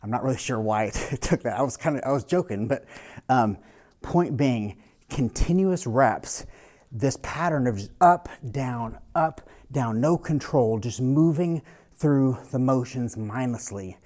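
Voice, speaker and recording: Guy personal trainer talking thru his reps, laid back, blunt, swears a lot, average pitch. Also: lively intonation, a little slow, a little mellow. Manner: blunt, casual, swears freely. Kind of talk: casual workout coaching talk.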